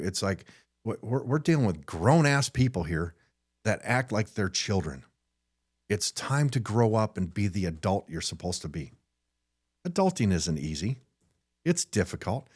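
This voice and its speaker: A man's voice: on the low side, very animated, normal speed, breathy edge. A middle-aged man hosting a podcast, giving a blunt, frustrated motivational talk off the cuff, often repeating his first words as he starts a sentence. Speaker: podcast host. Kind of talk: unscripted motivational monologue.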